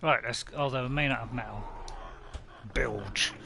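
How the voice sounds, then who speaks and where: A man's voice: medium pitch, fast talker, gravelly, noisy background. A man streaming a game, chatting casually to himself and reading viewers' messages aloud. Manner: chatty, talks to himself and reads chat aloud. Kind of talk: casual live game commentary.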